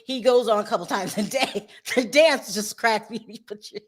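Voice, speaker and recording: A woman hosting a casual gossip chat, animated and laughing often as she talks straight to her viewers. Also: mid-range voice, normal speed, breathy edge. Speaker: show host.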